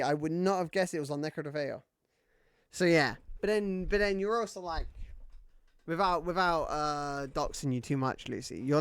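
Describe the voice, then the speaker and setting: A man's voice: fairly high pitch, vocal fry, no room sound, studio quality. A man streaming a video game, chatting casually in a rambling way, full of fillers and swearing. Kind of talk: casual gaming stream chat.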